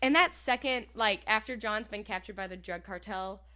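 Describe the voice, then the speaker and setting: A woman's voice: medium pitch, moderate pace, sharp tone, clear, resonant tone. Woman cohost on a podcast, eager casual chatter, says like a lot. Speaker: podcast co-host. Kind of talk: casual chat reviewing a TV episode.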